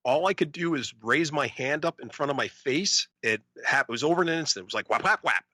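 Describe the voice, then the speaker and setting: A man co-hosting a podcast, telling a story in a casual, animated way and acting out the voices of other people. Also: fairly high pitch, fast, no echo. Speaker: podcast co-host.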